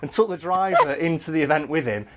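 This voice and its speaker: A man's voice: fairly high pitch, fast, noisy background. A man telling stories in casual chat, rambling along with many fillers.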